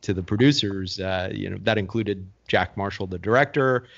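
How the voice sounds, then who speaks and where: A man's voice: fairly low pitch, moderate pace, gravelly. A man, an actor and co-author, recounting his story steadily as an interview guest. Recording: dull lo-fi recording.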